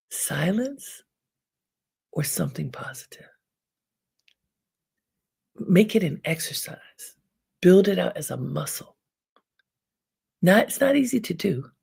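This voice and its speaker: A woman hosting an inspirational self-help talk, giving calm, unhurried advice with frequent pauses. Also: deep voice, vocal fry, slightly rough. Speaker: host.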